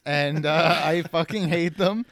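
A man's voice: fairly high pitch, a little slow, fairly bright tone, no room sound. A man co-hosting a casual podcast over a call, stammering and laughing as he jokes. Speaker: podcast co-host. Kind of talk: casual chat. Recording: call audio.

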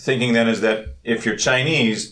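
Brief: male talker, casual chat, animated anecdote teller with voice impressions. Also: mid-range voice, a little fast. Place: married, lives in Korea.

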